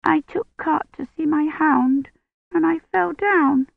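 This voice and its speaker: A woman's voice: high-pitched, slow pace, gravelly, no room sound, pitched above the performer's own voice, exaggerated voice. A woman voicing a frightened, tearful little girl with a quavering, childlike voice. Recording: dry, tinny phone-like sound.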